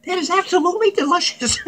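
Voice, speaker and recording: A man's voice: very high-pitched, a bit bright, poor audio. A man playing a manic, unhinged male clown who rambles giddily and crudely in a comedic character vlog, cackling and swearing. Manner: cackling, profane, giddy rambling.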